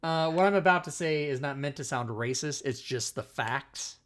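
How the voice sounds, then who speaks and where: A man's voice: fairly high pitch, normal speed, fairly bright tone. Rambling, profane man telling a story. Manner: rambling, profane, self-interrupting. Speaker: talk show host. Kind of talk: casual storytelling chat.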